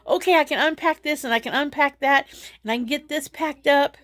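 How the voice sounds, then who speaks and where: A woman's voice: high voice, lively intonation, normal speed, long pauses, a bit bright. A middle-aged woman chatting casually to her vlog viewers, rambling and laughing through her frustration. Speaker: vlogger.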